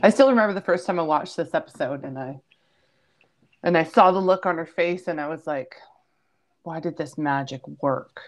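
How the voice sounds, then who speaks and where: Low-voiced woman reminiscing expressively. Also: normal speed. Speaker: panel guest. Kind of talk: casual discussion.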